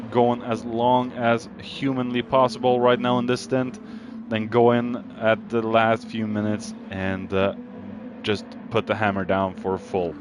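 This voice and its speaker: A man giving live commentary on a sim racing league, calling overtakes and getting excited, even shouting warnings at drivers. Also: mid-range voice, background noise.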